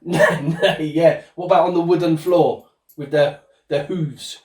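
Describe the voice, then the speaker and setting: A man with a fairly high but darkish voice teaches a child at home, cheerfully posing coaxing questions at a measured pace and steady tone. The presenter sounds distant, with a roomy recording.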